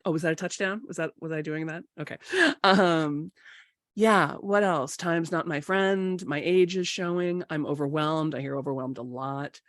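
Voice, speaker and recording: Woman coach with a slightly rough voice. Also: low-pitched, no room sound, clean studio sound. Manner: casual and chatty, slows down to guide breathing and count. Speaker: productivity coach hosting a live session. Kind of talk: live online workshop with guided breathing.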